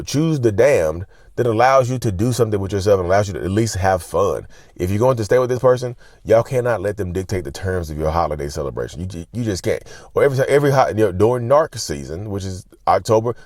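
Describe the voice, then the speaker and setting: A man's voice: deep voice, a little mellow, dry recording, studio quality. A man hosting a casual advice vlog, talking to viewers as y'all with lots of repeats and restarts. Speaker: channel host, self-described narcissist.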